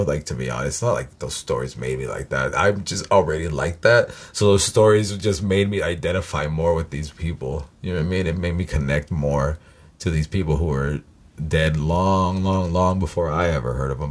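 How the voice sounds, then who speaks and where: A man with a very deep, low voice talks through a loose, rambling monologue. He swears freely and leans on fillers and restarts as his thoughts wander. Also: fairly quick. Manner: profane, rambling, many fillers. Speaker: reaction video host.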